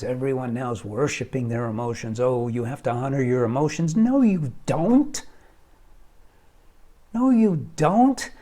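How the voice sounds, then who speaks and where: Man, counselor type, fervent preacher-ish advice talk, mellow warm tone, swings between loud and whispered. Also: fairly high pitch. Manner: impassioned, rhetorical questions, drops to whispers. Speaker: marriage counselor and foundation founder. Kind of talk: direct-to-camera advice talk.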